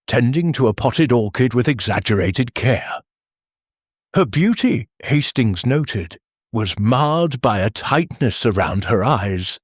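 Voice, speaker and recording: A man narrating a mystery audiobook in a measured storytelling manner. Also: medium pitch, breathy edge, no echo, clean studio sound.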